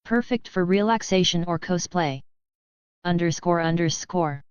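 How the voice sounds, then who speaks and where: A woman voicing an exasperated, sharp-tongued female spirit. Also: on the low side, a little slow, clear, resonant tone, dry recording, lightly acted. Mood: matter-of-fact. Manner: scolding, exasperated. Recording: dull lo-fi audiobook audio.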